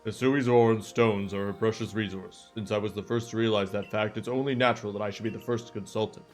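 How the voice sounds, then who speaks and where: A man's voice: lowish voice, fairly even intonation, a little fast, soft background music, pitched below the performer's own voice, close to an everyday voice. A man doing Melly, a smug pompous clan leader. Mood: haughty. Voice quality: affected put-on accent. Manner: drawling, smug, belittling.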